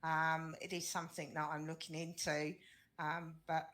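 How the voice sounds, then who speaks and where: A woman's voice: low-pitched, flat delivery, normal speed, fairly bright tone. A woman guest author on a video call, speaking modestly and hesitantly with many fillers. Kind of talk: casual panel discussion.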